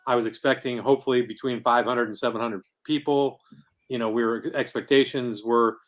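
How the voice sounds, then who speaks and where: A man appears as a guest on a casual podcast, earnestly rambling about how he founded a comic convention. He speaks briskly in a steady, mid-range voice.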